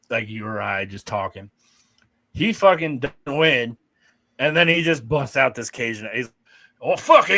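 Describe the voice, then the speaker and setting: A man's voice: on the low side, sharp tone, no echo. A man from the United States, co-hosting a podcast, telling crude stories in casual chat and laughing often. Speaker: podcast co-host.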